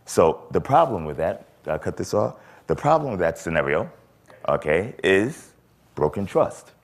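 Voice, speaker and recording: Very deep-voiced man telling a story. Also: a little slow. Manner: animated storyteller acting out quoted voices. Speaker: conference speaker. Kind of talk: storytelling talk. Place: convention stage.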